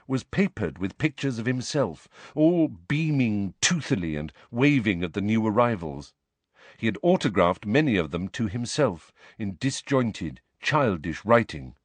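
A man reading a storybook aloud, in an expressive, lively way. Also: fairly low pitch, no room sound. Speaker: audiobook narrator.

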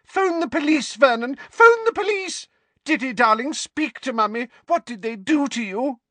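A man voicing a fussing middle-aged housewife with a shrill, quavering voice, in an audiobook. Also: big pitch swings, a little slow, pushed and bright, no echo, exaggerated voice. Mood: shrieking panic.

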